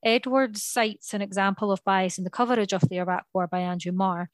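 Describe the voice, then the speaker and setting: A podcast co-host reads prepared notes in casual podcast talk, often stopping to correct herself, apologise, or say "um." Her mid-range voice is steady and brisk, on a dry recording.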